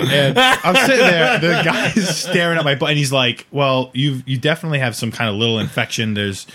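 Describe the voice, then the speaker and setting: A man in a casual podcast chat, spinning an embarrassing tale with lots of laughter. He talks in a middling pitch and voices each person in the story as he goes. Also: a little fast, hardly any pauses. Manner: animated, laughing storyteller acting out dialogue. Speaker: podcast host.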